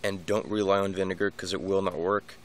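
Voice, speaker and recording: A low-voiced man speaks fairly quickly in a level tone as he gives dog training tips in a casual vlog. He rambles through the unscripted monologue, restarting and repeating words many times.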